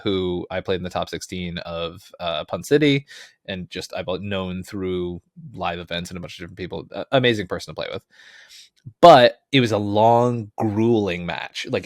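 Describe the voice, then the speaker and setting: A man's voice: on the low side, no room sound, studio quality. A man talking as a podcast guest in casual chat, rambling, laughing often and poking fun at himself. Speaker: podcast guest, tournament player.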